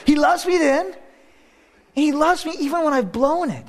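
A man in his thirties preaching a sermon as a pastor. He tells stories with self-deprecating humor and sudden drops to a hush. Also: extremely high pitch, normal speed.

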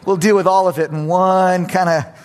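A man preaching a sermon as a pastor, animated and acting out prayers with frequent chuckles. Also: sits high, normal speed, big-room sound.

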